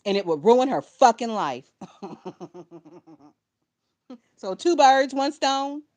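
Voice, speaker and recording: A woman's voice: high-pitched, very animated, takes it slowly, a little mellow. Blunt, foul-mouthed young woman gossiping. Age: young adult. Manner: blunt, profane, laughing, talking to viewers. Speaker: livestream gossip commentator. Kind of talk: casual gossip commentary.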